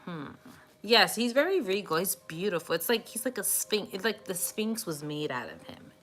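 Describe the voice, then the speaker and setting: A woman host chatting casually with viewers on a live stream, warm and cooing as she talks about cats. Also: mid-range voice, very animated, moderate pace. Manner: chatty and affectionate, cooing baby talk at her cat. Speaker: tarot reader live streaming.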